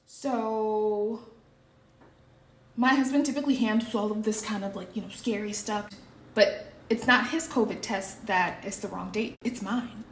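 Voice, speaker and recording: A woman's voice: mid-range voice, measured pace, echoey room, a little hiss or hum. A woman in her thirties from the United States, casually telling a story to her viewers and acting out her own panicked moments. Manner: animated, breathless retelling, acts out her own panicked shouts.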